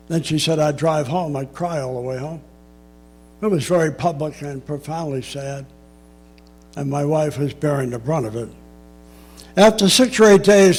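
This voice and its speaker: An older man giving a personal storytelling talk, measured and reflective, with dry asides. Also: fairly high pitch, a little mellow. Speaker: public speaker.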